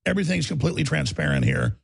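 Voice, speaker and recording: A man's voice: a little high, wildly swooping pitch, quick pace, gravelly, husky. A man hosting a talk radio show, brash and sarcastic, often stammering and repeating words.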